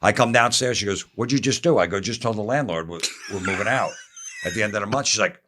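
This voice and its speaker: This is a man with a fairly low voice, a comedian from New Jersey, spinning a story on a podcast. He speaks matter-of-factly and acts out both sides of the exchange as he goes. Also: quick pace, background noise. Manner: matter-of-fact, acting out both sides of the dialogue. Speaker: comedian guest.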